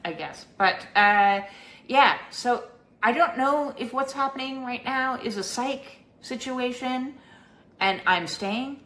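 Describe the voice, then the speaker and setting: A middle-aged woman vlogging about her spiritual life, talking in a halting, rambling way with many fillers. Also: a little high, a bit bright, echoey room. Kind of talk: casual personal storytelling.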